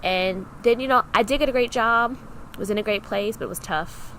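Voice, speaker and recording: Woman in her twenties, podcast co-host, bright voice, candid and animated, acts out dialogue. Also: fairly high pitch, normal speed, slight background noise, poor audio. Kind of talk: candid personal storytelling.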